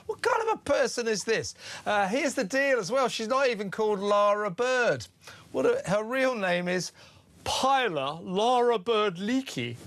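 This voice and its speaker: Indignant, mocking talk host. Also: male voice, high-pitched, fairly bright tone, dry recording. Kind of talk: opinionated talk radio chat.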